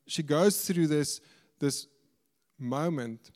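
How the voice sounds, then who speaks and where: A man delivers an earnest sermon in a somewhat high voice, often restarting and repeating words. His voice carries through a large hall with a long reverb tail. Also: slow, a little mellow. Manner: earnest, stumbles and repeats words when explaining. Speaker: preacher.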